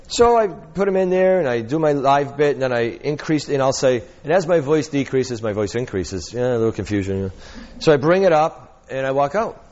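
A man teaching a workshop, an animated storyteller who acts out quotes and laughs often. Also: mid-range voice, brisk, muffled recording. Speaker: hypnotherapy trainer.

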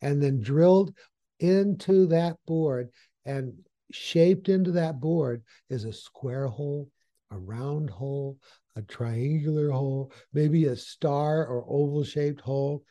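Dark-voiced male hypnotist telling a story. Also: fairly high pitch, slow. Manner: conversational, repetitive, asks rhetorical questions. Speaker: hypnotist and trainer. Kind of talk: storytelling training lecture.

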